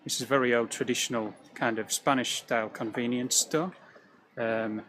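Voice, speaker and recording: A man's voice: medium pitch, steady tone, normal speed, fairly bright tone, a little hiss or hum, poor audio. A British man giving an English vocabulary lesson while walking down a city street, explaining at an easy pace with frequent ums. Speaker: English teacher.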